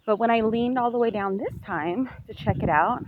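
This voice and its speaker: A woman vlogger recounting a dream as she walks outside, telling it in a rambling, animated way with lots of "like". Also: fairly high pitch, normal speed. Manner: rambling, animated storytelling full of "like". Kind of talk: walk-and-talk dream retelling. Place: outdoors on a street while walking. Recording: dull lo-fi recording.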